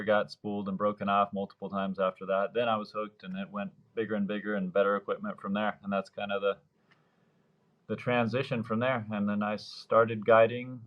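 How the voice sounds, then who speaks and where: The recording is muffled, and the man's voice sits on the low side. He's a surf fishing guide in his thirties from Baja California Sur, Mexico, spinning long, meandering tales during a casual interview and performing the voices of those he quotes.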